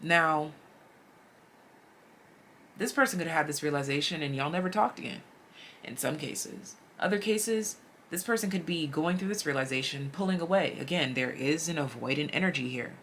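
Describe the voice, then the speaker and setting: A woman giving a casual, chatty tarot reading straight to her viewers, animated and slangy. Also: low-pitched, moderate pace, slight background noise. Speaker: tarot reader.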